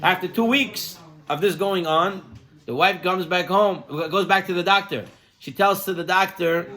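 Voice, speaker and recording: A man giving a sermon as a rabbi. He is an animated storyteller who acts out the people in his stories and drops his voice quiet to stress a lesson. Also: sits high, unhurried.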